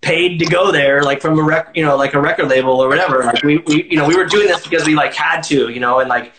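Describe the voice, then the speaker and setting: A man's voice: fairly high pitch, quick pace, a bit bright, reverberant, rough recording. A man guest telling a casual story in an interview, rambling with lots of filler words and swearing freely. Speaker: musician guest. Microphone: livestream phone or video call.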